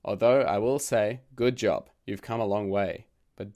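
On his literature podcast, a man reads from a scripted essay, slipping in dry jokes along the way. His voice, pitched on the low side, is still croaky from a recent illness, and he keeps a moderate pace with hardly any pauses.

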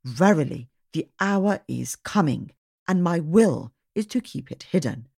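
A woman reading the words of a solemn, commanding divine voice in her own slow, breathy tone. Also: low-pitched, lively intonation, mellow, heavily acted.

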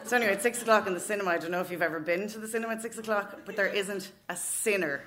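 A woman's voice: mid-range voice, racing, a loud crowd. A woman in her thirties with an Irish accent, telling a funny story at a live open mic night, frank and swearing freely. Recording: noisy live venue recording.

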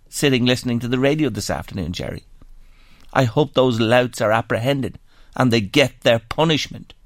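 A man's voice: mid-range voice, dry recording. An Irish man hosting a radio phone-in show, speaking earnestly and sombrely and reading out listener messages into a studio microphone. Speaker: radio talk show host.

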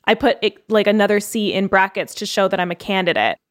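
A young woman co-hosting a chatty podcast. She talks quickly and with a lot of life in her voice, and she often breaks off to read quotes aloud before reacting to them. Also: mid-range voice. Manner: animated, fast-talking, reads quotes aloud. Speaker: podcast co-host. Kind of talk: casual podcast chat.

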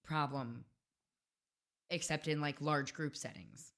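A woman's voice: low voice, takes it slowly, fairly bright tone. A woman co-hosting a podcast, talking frankly and casually and laughing easily. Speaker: podcast co-host. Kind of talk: candid casual chat.

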